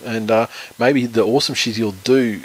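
A man's voice: mid-range voice, fairly even intonation, moderate pace, husky. A man in his thirties, co-hosting a casual sports podcast, rambling and swearing freely. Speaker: podcast co-host.

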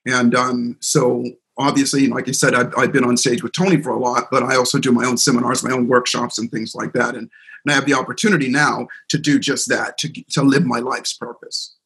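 A middle-aged man, a seminar speaker and coach, telling an animated story as a guest in a podcast interview. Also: mid-range voice, a little fast, gravelly. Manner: animated storyteller, acts out quoted voices.

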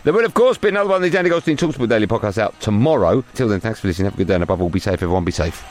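A man's voice: fairly low pitch, lively intonation, rapid-fire, soft background music. A man hosting a sports radio show and podcast, chatty and jokey.

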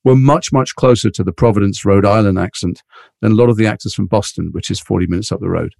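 An English man from Liverpool with a mixed British accent, an actor chatting in an interview in a rambling, animated way. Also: lowish voice, creaky, dry recording. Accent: mixed British, mild Liverpool and London traces. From England, Liverpool. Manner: fast, rambling, animated storytelling. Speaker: actor, guest. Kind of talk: casual interview chat.

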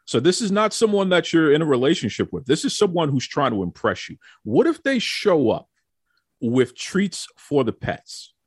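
A man's voice: a little high, sing-song, normal speed, breathy edge, no echo. A man hosting a casual podcast chat, joking and teasing his guests, often repeating words as he talks. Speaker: podcast host.

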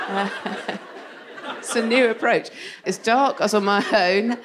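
A woman does live stand-up on a theatre stage, playful and self-mocking, frequently laughing through her lines. She's a comedian and co-host with a medium-pitched voice, and the recording is very noisy.

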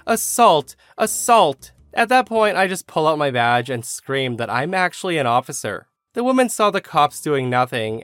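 Brief: male storyteller, expressive pitch, dry mic, soft backing music. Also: dry recording. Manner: animated storytelling, casual asides. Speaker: story narrator. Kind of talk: scripted narration of reader stories.

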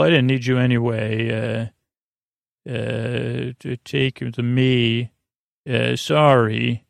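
A man hosting a sleep podcast, giving a meandering, low-key, halting recap of a TV episode. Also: creaky, no echo, studio quality. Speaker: podcast host. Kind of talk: rambling bedtime episode recap.

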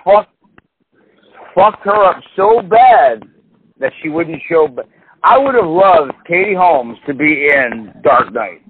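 Speaking slowly in a husky, fairly high voice, a man co-hosts a casual podcast chat. He's an animated storyteller who swears a lot and acts out what other people said, and the audio sounds tinny and phone-like with a faint hiss.

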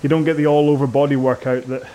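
A man's voice: medium pitch, little pitch movement, fast, warm tone, a little hiss or hum. A British man coaching a rowing workout indoors, chatting in a rambling, self-mocking way with jokey asides. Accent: British English.

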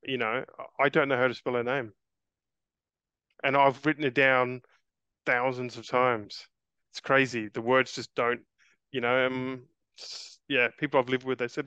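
Interview guest, man, 40s, earnest, stumbles over words, bright and crisp, slightly lo-fi. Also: medium pitch, flat delivery, measured pace, long pauses, no echo. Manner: earnest, repeats words and restarts often, calls the host mate. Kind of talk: casual interview chat.

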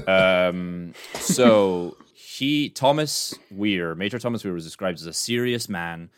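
A man's voice: deep voice, slow, smooth. A man, co-hosting a podcast and telling a history story in a casual, jokey way with plenty of ums. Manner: jokey, laughs between facts, many ums. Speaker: podcast co-host.

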